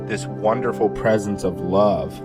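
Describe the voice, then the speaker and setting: An earnest, awed man recounts being pulled up into a warm light, as a man reads his words. The voice sits fairly low, and loud guitar music plays behind it. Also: measured pace, close to an everyday voice. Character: man recounting a glowing abduction under hypnosis.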